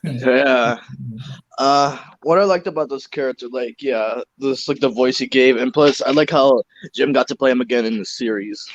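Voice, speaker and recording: A young man co-hosting a casual podcast chat, relaxed and chatty with loose asides. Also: medium pitch, normal speed, no echo. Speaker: co-host. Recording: dull lo-fi recording.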